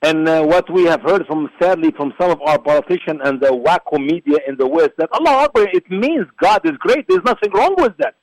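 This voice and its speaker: Animated high-voiced man. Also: a little fast, few pauses, no echo, rough recording. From Egypt. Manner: forceful, repetitive, preacher-like emphasis. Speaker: guest, ministry founder. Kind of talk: emphatic religious talk show commentary.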